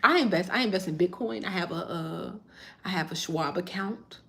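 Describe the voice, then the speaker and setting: A woman's voice: fairly low pitch, normal speed, gravelly, a bit bright. A woman, chatting casually on a livestream and answering viewer comments as she rambles. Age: 30s.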